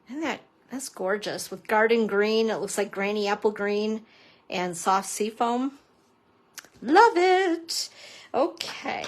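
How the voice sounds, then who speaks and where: A woman papercrafting instructor chatting through a casual live-stream craft demo, playful and self-mocking with joking asides. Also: mid-range voice.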